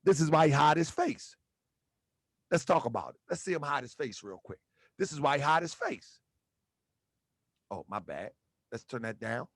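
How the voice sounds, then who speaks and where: A man's voice: fairly high pitch, animated, normal speed, pauses often, dry recording, clean studio sound. A man hosting an exposé commentary, talking casually with slang and hammering points with repeated rhetorical questions. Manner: repetitive, emphatic, rhetorical questions. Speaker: channel host. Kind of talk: exposé commentary on video clips.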